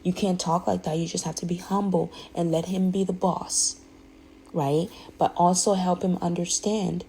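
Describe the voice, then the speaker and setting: A woman's voice: on the low side, creaky, dark tone, slight background noise, low-quality recording. A woman speaking candidly in a rambling, emphatic way, often restarting her sentences. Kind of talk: candid personal monologue.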